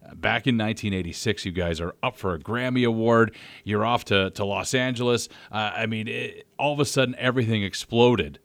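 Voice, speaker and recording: A man's voice: lowish voice, a little fast, fairly bright tone, dry recording. A man with an Ontario accent hosting an interview, asking long friendly questions. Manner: friendly, wordy questions with repeats. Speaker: radio host.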